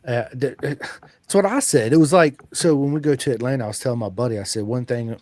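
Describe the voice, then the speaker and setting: A man hosting a podcast in casual chat, an energetic storyteller who acts out quoted lines. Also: medium pitch, a little fast, dry recording. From United States. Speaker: podcast host.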